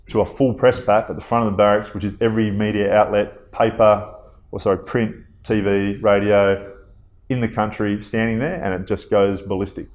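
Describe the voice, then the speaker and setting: An Australian man in his thirties, a guest telling stories in a relaxed interview, conversational with fillers and asides. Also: fairly low pitch, highs cut off. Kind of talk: casual interview storytelling.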